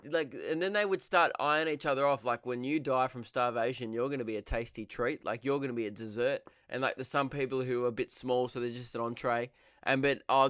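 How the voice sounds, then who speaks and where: A man's voice: mid-range voice, a bit bright, clear, resonant tone, no echo, studio quality. A young man hosting his own comedy podcast, rambling and sarcastic, often laughing at his own jokes.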